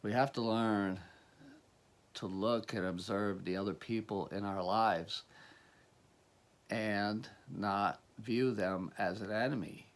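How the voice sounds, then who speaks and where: A man's voice: lowish voice, fairly even intonation, slow pace. A man giving a motivational talk as a life coach, earnest and rambling, with many restarts.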